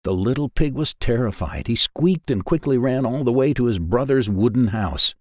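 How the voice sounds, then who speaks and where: A man narrating a children's fairy tale in a measured, expressive way. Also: mid-range voice, dry recording, clean studio sound. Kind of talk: storybook narration.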